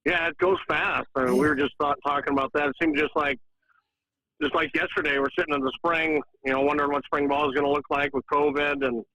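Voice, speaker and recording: A man's voice: a little high, steady tone, quick pace, bright, forceful tone, no echo, low-quality recording. A football coach in his forties, talking through game plans on a radio interview with plenty of fillers and restarts. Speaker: high school football coach.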